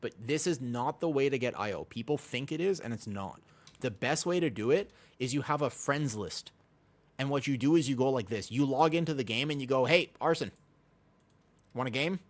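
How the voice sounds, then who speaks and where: A man's voice: medium pitch, expressive, brisk. Casual, profane male game streamer. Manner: casual, profane, explains with emphatic repetition; talks to chat and friends while teaching. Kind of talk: casual live-stream chat.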